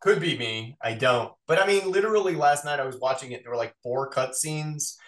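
A man, a voice actor being interviewed, chatting in a quick, animated, self-mocking way. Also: mid-range voice. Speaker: voice actor guest. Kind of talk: casual interview chat. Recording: roomy echo.

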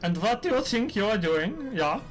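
A man's voice: high voice, big pitch swings, a little slow, faint music behind. A man commenting casually on a game he is playing as a streamer, chatty, swearing often and talking back at the screen.

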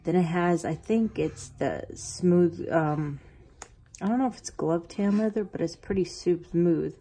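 Gushing, husky-voiced woman vlogger. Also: lowish voice, unhurried. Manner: gushing, excitable and rambling. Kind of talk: casual unboxing vlog. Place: bathroom at home.

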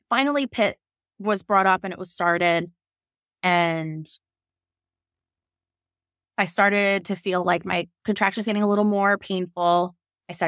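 A woman in her thirties from Virginia tells her birth story on a podcast in a casual, animated way. She acts out what she and others said, swears freely and laughs often. The sound is dry and close to the mic. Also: medium pitch, no room sound.

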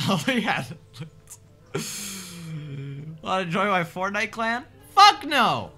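A young man streaming live, chatting with his viewers in a joking, sarcastic way and swearing often as he swings between mutters and shouts. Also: high voice, drawn-out words. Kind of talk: casual live-stream chat, answering viewers. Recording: game stream with clear background music.

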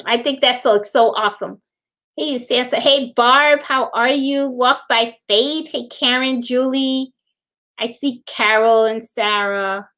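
Chatty woman host of a craft live stream, high-pitched, repeats herself, laughs easily. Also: fairly even intonation, takes it slowly, a bit bright, low-quality recording. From Puerto Rican. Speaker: livestream host. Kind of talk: casual live-stream chat.

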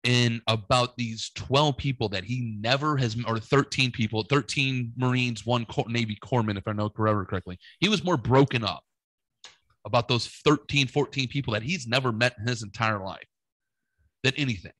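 Bright-voiced man rambling on a podcast. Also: mid-range voice, normal speed, no echo. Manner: rambling, profane, animated in retold dialogue. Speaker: podcast co-host. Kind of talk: casual podcast storytelling.

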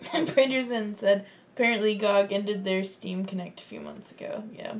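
A woman's voice: medium pitch, moderate pace. A woman in her twenties co-hosting a casual livestream, reading viewer comments aloud and laughing often. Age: 20s. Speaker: co-host reading chat.

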